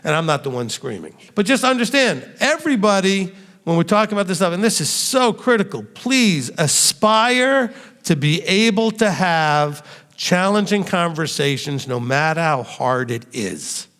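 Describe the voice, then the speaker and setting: A man leading a question-and-answer teaching session, animated and acting out the lines he quotes. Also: high voice, normal speed, long reverb tail. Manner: animated, acts out quoted dialogue.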